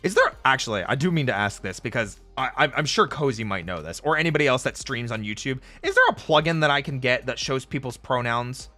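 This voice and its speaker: A man streaming casually, chatting with viewers in an animated, jokey way and laughing often. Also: mid-range voice, a little fast, few pauses. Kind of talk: casual live-stream chat answering viewers. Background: faint background music.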